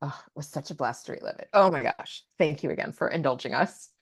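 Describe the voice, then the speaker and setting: A woman's voice: low-pitched, quick pace, slightly rough. A woman co-hosting a podcast in casual chat, an amused listener who laughs readily. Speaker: podcast co-host.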